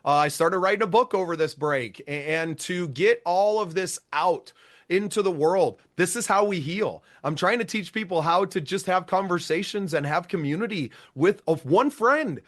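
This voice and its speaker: A man's voice: sits high, expressive, moderate pace. A man co-hosting a podcast, blunt and profane but earnest, speaking in casual chat. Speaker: podcast co-host.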